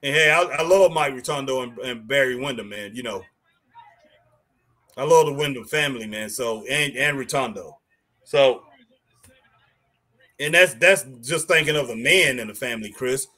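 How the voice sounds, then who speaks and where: A man's voice: mid-range voice, normal speed, long pauses, sharp tone. A man co-hosting a live wrestling watch-along, reading viewer comments and exclaiming at the action.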